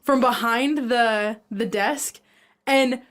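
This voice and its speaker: A young woman co-hosting a podcast tells a rambling story in a casual chat, full of "like" fillers. Her voice is a little high and she speaks slowly.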